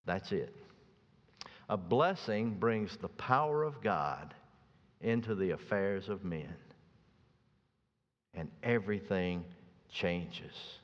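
A pastor preaching a sermon, swinging from soft, slow passages to loud, emphatic ones. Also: male voice, medium pitch. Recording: dull sound with long reverb.

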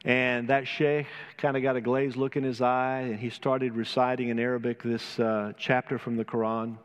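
A man preaching an earnest sermon in a church, his voice building in emphasis and then dropping soft. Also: medium pitch, level tone, normal speed, smooth, in a large hall. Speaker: pastor. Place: church sanctuary.

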